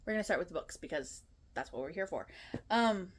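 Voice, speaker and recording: Her voice is on the low side, expressive and a little fast as this twenty-something booktuber talks casually into her phone camera. Recording in her apartment, she rambles and sounds somewhat nervous.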